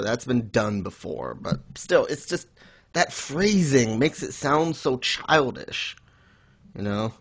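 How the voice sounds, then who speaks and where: A man's voice: medium pitch, animated, unhurried. A man co-hosting a podcast in casual chat, blunt and sarcastic, swearing freely. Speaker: podcast co-host reviewing manga.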